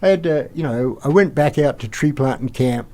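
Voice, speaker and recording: An older Australian man, a podcast guest, rambling through an animated anecdote and acting out the quotes. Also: medium pitch, normal speed. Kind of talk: anecdotal storytelling.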